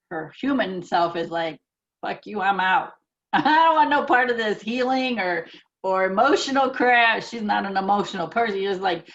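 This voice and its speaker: A woman's voice: on the low side, vocal fry. A woman co-hosting a casual chat as a spiritual teacher, telling stories candidly and sometimes swearing. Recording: muffled lo-fi audio.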